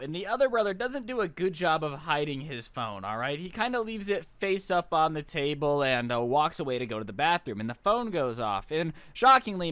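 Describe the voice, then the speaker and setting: A young man tells a long story to his stream, rambling and joking, sometimes jumping into little voices for his friends. His voice is a bit high for a man and swings up and down a lot. It sits close and dry on the mic. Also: fairly bright tone, no echo. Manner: rambling, jokey, slips into mock voices for friends. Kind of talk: casual storytelling.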